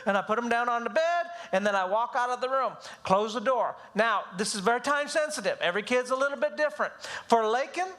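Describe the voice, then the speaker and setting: Guy teaching a parenting class, talks fast in a high voice, acts out his kids. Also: animated, fairly bright tone. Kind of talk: live church class talk.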